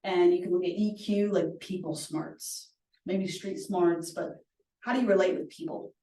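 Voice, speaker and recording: A woman's voice: lowish voice, fairly even intonation, normal speed, dark tone. Woman workshop leader, earnest chatty storyteller; echoey room, distant mic. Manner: earnest, chatty, frequent "like" and "right?". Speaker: workshop presenter. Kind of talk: conversational teaching with personal stories. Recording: roomy echo, distant mic.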